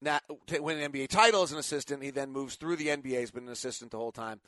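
A man's voice: mid-range voice, very fast, fairly bright tone, dry recording. A middle-aged man hosting a casual sports talk show, a rambling storyteller who keeps correcting himself, tired after little sleep.

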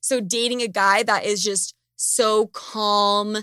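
A young woman hosting a casual podcast chat, animated and candid, swearing freely. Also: medium pitch, slow, clear, resonant tone, dry recording, clean studio sound. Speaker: podcast host.

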